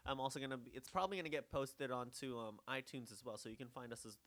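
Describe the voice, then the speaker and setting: Bright-voiced laid-back podcast host man. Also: mid-range voice, fast talker. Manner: laid-back, rambling with fillers and restarts. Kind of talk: casual podcast chat.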